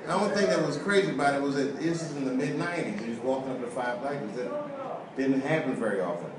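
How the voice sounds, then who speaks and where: A man's voice: mid-range voice, fast talker, recorded from a distance. A man doing a stand-up comedy set, telling a story and working the crowd. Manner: storytelling, crowd work, animated. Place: comedy club stage. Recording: echoey club recording with loud crowd. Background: audience laughter.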